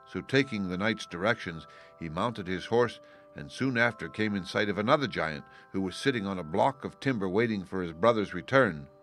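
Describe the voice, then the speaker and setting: A man reading a fairy tale aloud as an audiobook narrator, in a steady, even storytelling manner. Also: low-pitched, normal speed, faint music behind.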